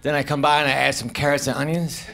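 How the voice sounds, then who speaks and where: A man doing a stand-up comedy set on a club stage, delivering deadpan, offhand one-liners into a handheld mic. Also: quick pace, gravelly. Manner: deadpan, offhand one-liners, drifts into low muttered asides. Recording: live club recording with audience noise. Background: audience laughter.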